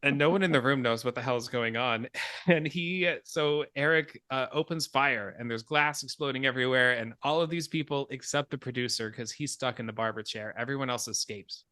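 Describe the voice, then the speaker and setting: Bright-voiced man recapping a movie. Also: mid-range voice, brisk, no echo, clean studio sound. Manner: animated storytelling, swearing, laughing at himself. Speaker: podcast host. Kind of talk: casual film discussion.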